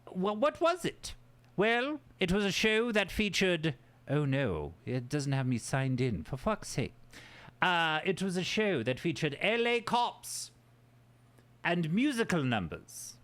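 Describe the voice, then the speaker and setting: A man's voice: high voice, big pitch swings, slow, fairly bright tone. A man casually chatting with his livestream audience in a goofy, playful way. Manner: goofy, playful banter with chat. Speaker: streamer.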